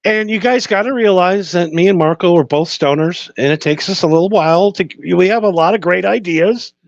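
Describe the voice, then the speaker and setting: A man co-hosting a casual podcast, crude and quick to laugh. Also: sits high, no echo. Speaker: podcast co-host. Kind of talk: casual chat. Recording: dull, dry recording.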